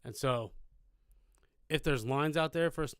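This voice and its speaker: A man's voice: fairly high pitch, measured pace, fairly bright tone, clear, resonant tone, no room sound, studio quality. A man co-hosting a live podcast, telling loose, rambling stories full of swearing in casual chat. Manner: loose, rambling storyteller with lots of profanity. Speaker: podcast co-host.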